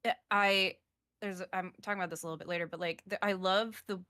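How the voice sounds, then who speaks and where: A woman's voice: medium pitch, fairly even intonation, quick pace, sharp tone. Chatty, gushing woman host. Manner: chatty, laughing, gushing, asks rambling questions. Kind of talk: casual live-stream interview.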